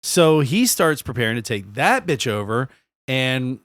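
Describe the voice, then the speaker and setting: A man's voice: medium pitch, very animated, measured pace, a bit bright, no echo. A man co-hosting a podcast, telling a history story in casual chat, laughing often and swearing freely. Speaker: podcast co-host.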